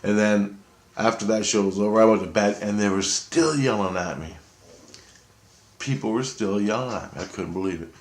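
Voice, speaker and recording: A man's voice: lowish voice, normal speed, reverberant. A man telling a long, rambling personal story in a casual, profane way, restarting his sentences as he goes. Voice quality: profane, excitable, talks in restarts. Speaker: vlogger.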